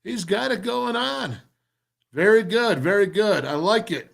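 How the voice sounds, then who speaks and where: A man hosting a football show, breaking down game film with excited, emphatic commentary and lots of repeated phrases. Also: high-pitched, unhurried, gravelly. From former offensive lineman.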